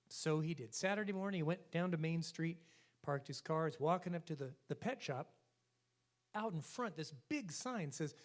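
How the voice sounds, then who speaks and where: On a church stage, a man who sings and leads a swing band trades jokes and stage chatter with the concert audience. He speaks at a normal speed in a fairly high-pitched voice, spinning stories with playful animation.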